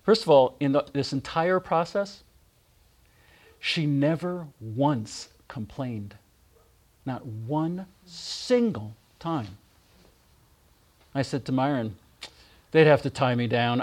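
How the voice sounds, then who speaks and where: A middle-aged man gently and warmly telling personal stories in a remembrance talk, with soft pauses. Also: mid-range voice. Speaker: speaker giving a spiritual reflection.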